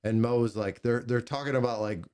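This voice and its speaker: A man's voice: medium pitch, a little fast, a little mellow, clear, resonant tone. A man hosting a podcast, telling rambling, profane war stories from his time as a soldier in casual chat. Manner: veteran recounting combat. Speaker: podcast host, gun shop owner.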